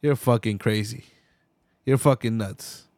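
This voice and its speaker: A man ranting hard on his own podcast, cursing freely and jumping into sneering mock voices of the people he is arguing against. His voice sits in a middle pitch, and the sound is dry and close with no room around it. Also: measured pace, a little mellow, no room sound. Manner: profane, heated, swinging into mocking voices. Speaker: podcast host. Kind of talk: solo podcast rant.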